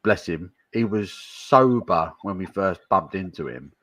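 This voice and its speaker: Easygoing man, fairly low voice. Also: lively intonation, measured pace, fairly bright tone. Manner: easygoing, chatty, banters with viewers. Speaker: stand-in live stream host. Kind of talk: casual pub chat, reading viewer comments.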